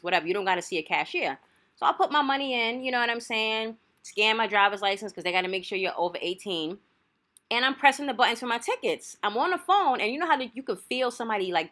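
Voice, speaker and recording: Animated New woman, lively bright voice. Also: mid-range voice. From New York. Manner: animated, chatty, gets loud and hyped. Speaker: hair vlogger. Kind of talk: casual storytelling while styling hair.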